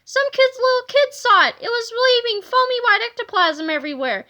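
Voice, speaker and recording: A woman's voice: expressive, moderate pace, bright, forceful tone, heavily acted. A woman voicing a frightened teenage girl cheerleader who stammers. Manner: shrill, stammering.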